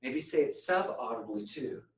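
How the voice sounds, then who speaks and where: Playfully modeling phrases by changing his voice, a man guides a group meditation workshop. He speaks in an expressive mid-range voice at a moderate pace, and the low-quality recording sounds roomy.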